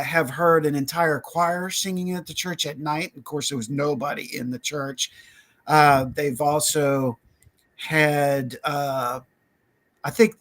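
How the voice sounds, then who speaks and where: Animated storytelling man, a bit high. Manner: animated, acts out quoted voices, laughs often. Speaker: podcast guest. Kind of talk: casual storytelling.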